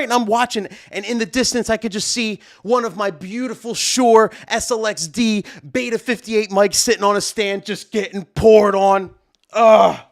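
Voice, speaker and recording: Male stream host, slightly higher voice, animated, rambling storyteller. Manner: animated, excitable storytelling with many fillers. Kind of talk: casual live stream storytelling. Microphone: studio mic at a desk.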